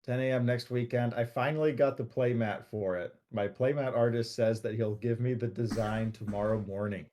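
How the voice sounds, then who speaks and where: Guy rambling thru a story on a late-night stream, mid-pitched, um and uh everywhere. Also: steady tone, normal speed, few pauses, mellow. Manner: rambling, full of fillers and restarts when telling stories. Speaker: co-host. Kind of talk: casual chat about a card game.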